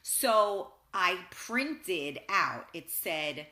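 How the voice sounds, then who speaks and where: A talk show host with a bright, clear-edged voice rambles through a story, restarting her sentences and dropping the odd curse. The room around her rings with a noticeable echo. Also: fairly low pitch, big pitch swings, very slow. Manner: rambling, chatty, with frequent restarts and mild swearing. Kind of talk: casual storytelling monologue. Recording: roomy echo.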